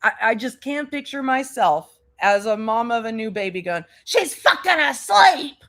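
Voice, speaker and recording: A woman's voice: on the high side, animated, moderate pace. A woman hosting a reaction commentary, talking in a sarcastic, mocking way. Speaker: commentary channel host.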